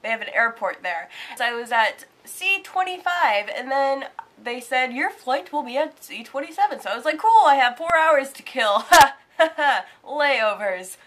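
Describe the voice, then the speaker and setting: High-voiced young woman telling a story. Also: normal speed. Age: young adult. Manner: animated, swears casually, acts out quotes. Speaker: vlogger. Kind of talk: casual storytelling vlog.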